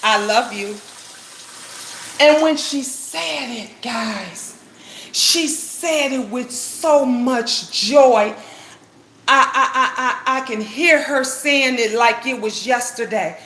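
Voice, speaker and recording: A woman's voice: sits high, slow pace, fairly bright tone, a little hiss or hum. A middle-aged woman vlogger giving an emotional, impassioned monologue to her viewers, repeating phrases and swearing bluntly. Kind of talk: heartfelt preachy monologue to viewers. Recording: roomy echo.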